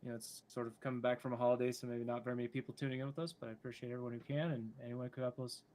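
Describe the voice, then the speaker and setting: A man's voice: mid-range voice, level tone, very fast, darkish tone. A man co-hosting a casual online news chat over a remote call, questioning and earnest. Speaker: podcast co-host.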